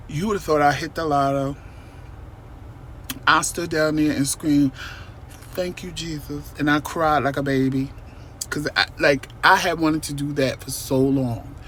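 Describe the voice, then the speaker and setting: Animated man vlogging from a parked car. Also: on the high side, slight background noise. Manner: animated, emphatic, talks to viewers directly. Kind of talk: casual storytelling vlog.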